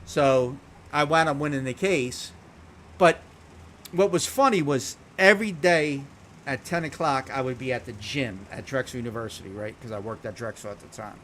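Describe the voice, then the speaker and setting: A man casually telling a long story while streaming a game, talking bluntly and swearing freely in an animated, unfiltered way. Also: medium pitch, moderate pace, slight background noise.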